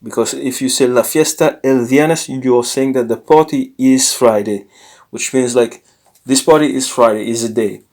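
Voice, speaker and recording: A man teaching a casual language lesson, explaining slowly with many fillers and self-corrections. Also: mid-range voice, steady tone, darkish tone.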